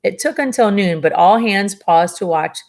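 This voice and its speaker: A woman's voice: mid-range voice, lively intonation, moderate pace, a little mellow. A woman reading a novel aloud and breaking off for chatty asides and dry sarcasm about the story. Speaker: reader of a novel. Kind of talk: reading a book aloud with commentary.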